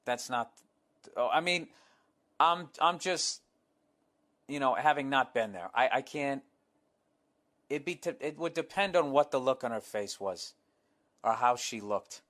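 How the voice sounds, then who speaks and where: A man's voice: medium pitch, expressive, measured pace, pauses often, a bit bright. A man with a Boston accent hosting a podcast, reading a listener's letter and answering it in a blunt, sarcastic, profane monologue. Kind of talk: casual comedic podcast monologue.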